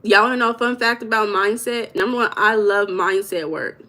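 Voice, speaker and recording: A woman's voice: mid-range voice, normal speed, sharp tone. A woman with a Southern US accent hosting a casual livestream, talking directly to viewers and reading their comments aloud. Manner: chatty, direct, talks to viewers as "y'all". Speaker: livestream host reading chat.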